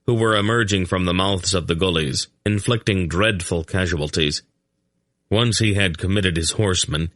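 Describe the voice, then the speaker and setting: A man reading an audiobook aloud in a deep, low voice, steady and measured. The sound is close and dry, with no room around it. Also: no echo. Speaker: audiobook narrator. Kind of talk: scripted narration.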